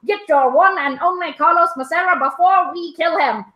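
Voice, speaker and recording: A brash 1920s auctioneer rattles off bids in a rapid, showy sales patter, as a woman puts him on. The voice sits very high and sounds sharp and bright. The room around it is echoey. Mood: hamming. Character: brash fast-talking 1920s auctioneer, hamming it up.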